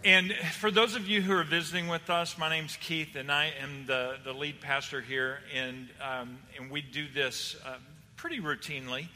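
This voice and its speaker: A man's voice: a little high, fairly even intonation, moderate pace, bright, forceful tone, long reverb tail, slight background noise. A man with a Texan accent, a pastor preaching to his congregation in a folksy, chatty way with fillers and restarts. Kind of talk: sermon to a congregation.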